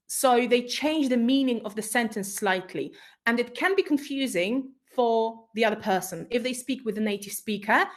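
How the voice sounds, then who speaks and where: A woman whose first language is Polish, giving a conference talk on pronunciation to teachers, explaining patiently and checking in often. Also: on the high side. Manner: explanatory, checks in with frequent "right?". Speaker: teacher trainer.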